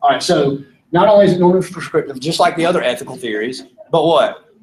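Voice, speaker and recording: Slightly high and a little mellow, the voice of this Georgia-born philosophy teacher comes quickly over poor audio. He lectures informally in a Southern US accent, chatting, quizzing the class, and laughing often.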